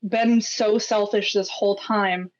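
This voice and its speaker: A woman's voice: medium pitch, steady tone, unhurried, highs cut off. A woman guest on a horror podcast, talking casually and with animation about a film.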